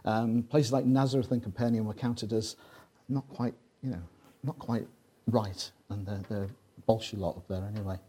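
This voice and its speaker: A man's voice: on the low side, fairly even intonation, moderate pace, dark tone, husky. A man from Liverpool with a Scouse accent, preaching a sermon in a joking, conversational way full of asides. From Liverpool, England. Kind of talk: sermon with jokes.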